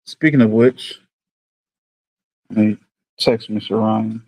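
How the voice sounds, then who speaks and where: A man's voice: fairly low pitch, fairly even intonation, takes it slowly, a little mellow, no echo. A man with a New York accent chatting casually with viewers on a livestream. He rambles and thinks aloud in an easygoing way. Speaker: livestream host.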